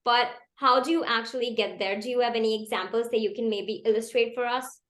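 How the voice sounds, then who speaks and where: Woman host asking long questions on a panel, kinda high voice, echoey room. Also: fairly even intonation, a little fast, a bit bright. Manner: brief affirmations, long searching questions. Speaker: panel moderator. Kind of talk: interview questions. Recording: roomy echo.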